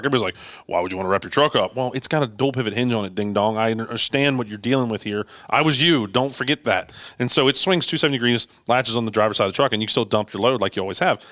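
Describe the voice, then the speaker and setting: A man telling a long story on a podcast as a guest, acting out what people said with lively jumps in voice and frequent restarts. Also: on the low side, no room sound, studio quality. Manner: animated, acts out quoted dialogue, frequent restarts. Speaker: guest, landscaping business owner.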